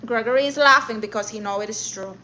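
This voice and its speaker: A woman live streaming comedy speaks fast in a fairly high, pushed, bright voice, with a little hiss or hum in the audio. She rants and roasts her viewers in a brash, sassy, mock-insulting way, tossing in Spanish exclamations.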